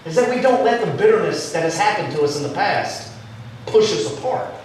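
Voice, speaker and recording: A man's voice: high voice, lively intonation, a little fast. A man preaching a sermon in a church, telling a story with a joking twist. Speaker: pastor. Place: church sanctuary. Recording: echoey and distant, faint room noise.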